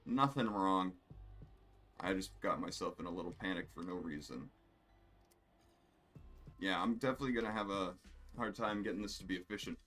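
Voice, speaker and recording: Low-voiced rambling male streamer. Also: normal speed, long pauses, a bit bright, faint music behind. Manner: rambling, profane, self-amused. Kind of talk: casual gameplay commentary.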